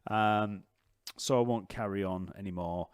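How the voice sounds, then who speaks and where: A man teaching bass on a live stream, chatting loosely with many fillers and restarts, his voice going croaky. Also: moderate pace, dry recording, clean studio sound.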